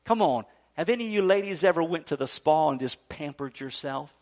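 A man preaching a sermon, swinging between emphatic high peaks and low, soft stretches. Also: a little fast. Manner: animated preaching, rising to emphatic highs then dropping low and soft. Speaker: pastor.

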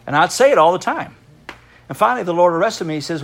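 A middle-aged male pastor delivers a sermon in a noticeably high voice. He preaches by telling stories and breaks into laughter often. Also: fairly quick. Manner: lively storytelling, laughing often.

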